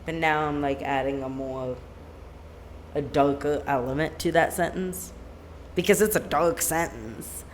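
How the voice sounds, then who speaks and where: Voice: mid-range voice, unhurried, a little hiss or hum. A musician chatting casually on a live stream from home, rambling and leaning on "like" as a filler. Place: home room with a plain white backdrop.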